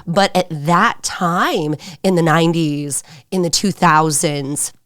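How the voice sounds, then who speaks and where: A woman's voice: low-pitched, takes it slowly, dry recording, clean studio sound. A woman guest on an interview podcast, frank and laughing easily, swearing casually.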